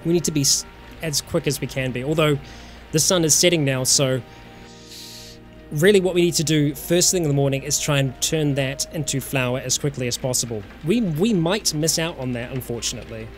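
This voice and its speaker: A man's voice: on the high side, a little fast, soft background music. A man from New Zealand with a New Zealand accent, casually commenting on a survival game during a live stream and chatting with viewers.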